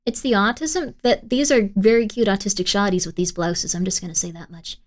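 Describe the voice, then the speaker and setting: A woman's voice: mid-range voice, fairly quick. A woman streamer chatting casually with her live chat, giggly, rambling and full of apologies. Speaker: streamer reacting to videos.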